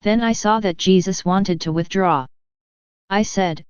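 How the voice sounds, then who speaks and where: A woman giving a devotional reading of a mystic's diary in an earnest, steady first-person manner, with slightly muffled lo-fi sound. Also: on the low side, normal speed, smooth, dry recording.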